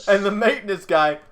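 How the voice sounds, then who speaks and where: Animated woman telling a stream story. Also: mid-range voice. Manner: animated, stammers and repeats words, laughs often. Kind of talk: casual storytelling on a live stream.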